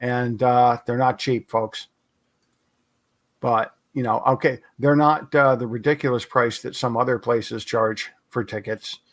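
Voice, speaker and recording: A man hosting a casual livestream chat over a video call, relaxed and jokey, reading questions from the chat. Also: medium pitch, unhurried. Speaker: host.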